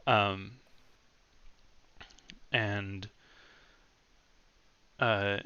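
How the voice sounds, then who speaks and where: A man narrating as game master of a tabletop game, slow and halting with many fillers. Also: fairly low pitch, steady tone, sharp tone, smooth, lo-fi sound.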